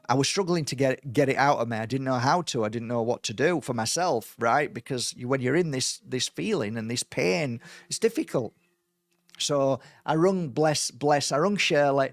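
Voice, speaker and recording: A man's voice: mid-range voice, fairly quick, no echo. Man telling a spooky story. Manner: animated, acts out quoted voices, many fillers and restarts. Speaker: spiritual healer. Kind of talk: personal storytelling.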